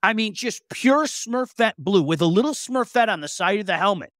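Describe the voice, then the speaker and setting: Middle-aged male co-host, animated and joking, lively pitch, dry close mic. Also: normal speed, no echo. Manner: animated, joking, frequent restarts. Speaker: co-host of sports talk show. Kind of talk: casual sports radio chat.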